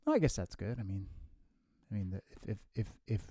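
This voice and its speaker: A man's voice: on the low side, big pitch swings, fairly quick, dark tone, dry recording, clean studio sound. A man hosting a comedy show, asking bewildered, exclamatory questions in a sketch where he talks to himself. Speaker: host.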